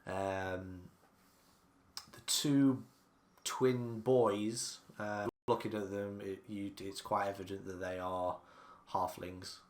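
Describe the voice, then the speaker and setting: A man's voice: on the low side, little pitch movement, slow pace. A man narrating a tabletop game as game master, describing things in a rambling way with many ums and restarts.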